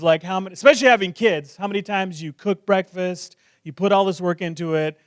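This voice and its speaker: A man's voice: high voice, a bit bright, no room sound, studio quality. A male pastor preaching a sermon in a joking, self-deprecating, conversational way.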